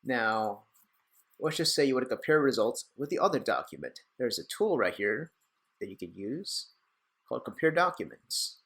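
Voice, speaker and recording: A young man hosting a casual screen-recorded software tutorial, chatty and rambling with self-deprecating asides. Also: mid-range voice, sing-song, moderate pace, husky. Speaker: tech tutorial host.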